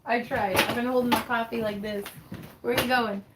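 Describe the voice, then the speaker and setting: A woman's voice: fairly high pitch, steady tone, brisk, very noisy. A woman hosting a casual crafting livestream from her home craft space, chatting in a bubbly, giggly way and reading viewer comments aloud.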